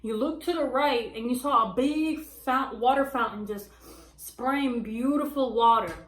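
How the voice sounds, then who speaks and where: A woman vlogger chats to her viewers, calling them y'all and filling her story with "you know what I mean". Her voice sits a little high, and the room around her rings with a noticeable echo. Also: unhurried. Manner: chatty, addresses viewers as y'all, many fillers. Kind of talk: casual storytelling to camera. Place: small room at home.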